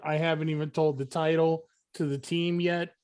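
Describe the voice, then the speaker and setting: A man running a tabletop game as game master, halting with many fillers and easily amused. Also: a little high, level tone, a little mellow, clean tone.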